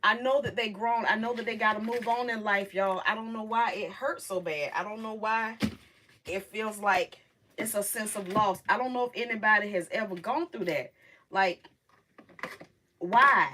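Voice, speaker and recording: A middle-aged woman hosting a casual livestream, talking emotionally and haltingly to her viewers, close to tears. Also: mid-range voice, pushed and bright, slight background noise. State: on the verge of tears. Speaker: livestream host.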